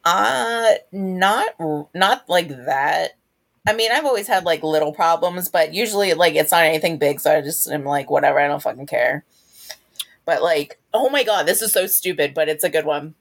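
A woman's voice: lowish voice, normal speed. A woman hosting a podcast in casual chat, swearing and reacting with laughs. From Pennsylvania. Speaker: podcast host.

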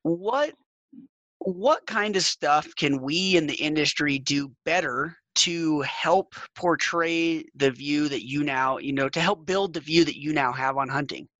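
A man hosting a podcast, friendly and halting, restarting his sentences often. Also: on the high side, fairly bright tone, no echo, highs cut off. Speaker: podcast host. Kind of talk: casual interview chat.

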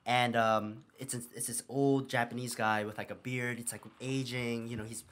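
A man telling a story as a podcast guest in casual chat, lively and laughing. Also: mid-range voice, moderate pace.

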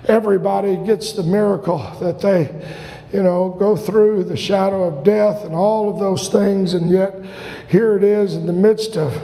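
A man preaching a sermon with fervor, his high voice rough with gravel and often rising to a shout. The sound rings with the long reverb of a large hall, as in a church sanctuary.

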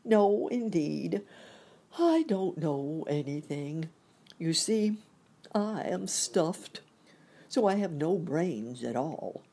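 A woman voicing a friendly, earnest male scarecrow stuffed with straw, in a husky, courteous storybook voice. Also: low-pitched, sing-song, warm tone, heavily acted. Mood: wistful. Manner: slow, courteous, confiding. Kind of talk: storybook reading.

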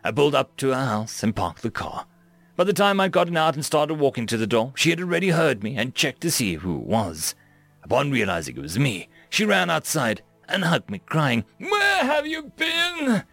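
A young adult man reading a fantasy story aloud, animated and acting out his own lines. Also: medium pitch, fairly quick, vocal fry, no echo, faint music behind. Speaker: narrator.

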